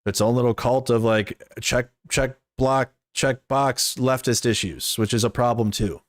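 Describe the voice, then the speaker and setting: A man's voice: medium pitch, measured pace, no echo, studio quality. A man in casual stream commentary, talking in a blunt, rambling and profane way, with lots of "like".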